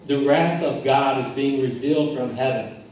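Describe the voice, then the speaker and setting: A man's voice: medium pitch, normal speed, lo-fi sound, slight background noise. A man, a pastor, preaching a sermon in earnest, repeating phrases and restarting his sentences. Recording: echoey church hall recording from far off.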